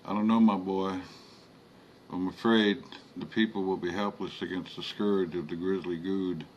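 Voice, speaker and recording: A man voicing an old, fatherly monster hunter who speaks gently, in a spoken horror story. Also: low-pitched, steady tone, normal speed, a little hiss or hum, lightly acted, rough recording. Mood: grave. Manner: gentle, fatherly, calls others my boy and my dear.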